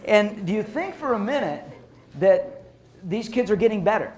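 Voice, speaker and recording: A middle-aged man giving a professional development talk to educators, telling lively stories and acting out teachers and kids. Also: high-pitched, normal speed. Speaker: speaker on child behavior for educators. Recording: roomy echo.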